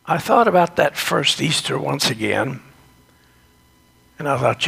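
A man with a deeply gravelly, husky voice tells a reflective devotional story. He speaks slowly and gently, and now and then drops into a whisper. His pitch swings widely as he talks. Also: expressive.

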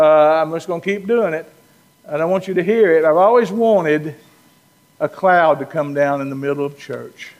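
Man, preacher, playful sermon, high voice, long church reverb. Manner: animated, playful, acts out Bible quotes. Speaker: pastor.

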